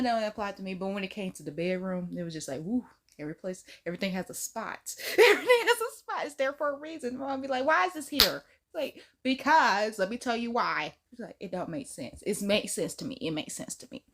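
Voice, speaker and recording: Woman, reaction host, lively swooping delivery, quick to laugh. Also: mid-range voice. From Southern US. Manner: animated, laughing often, slangy. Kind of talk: casual reaction commentary.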